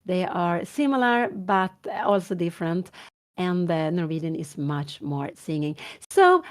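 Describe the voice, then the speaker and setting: A woman's voice: fairly low pitch, very animated, a little slow. Middle-aged Swedish woman, chess commentator working from home, muses aloud and hesitates. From Sweden. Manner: thinking aloud, hesitant, with many fillers and restarts. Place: home room.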